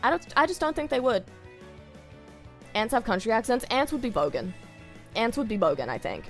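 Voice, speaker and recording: A woman's voice: on the high side, big pitch swings, brisk, soft background music. A woman with an Australian accent chatting casually on a stream, giggling often and rambling off on tangents.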